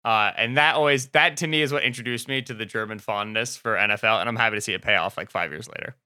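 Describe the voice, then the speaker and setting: A man podcast host giving quick, sarcastic, opinionated sports takes in casual chat. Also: lowish voice, pushed and bright, clear, resonant tone, no echo, studio quality.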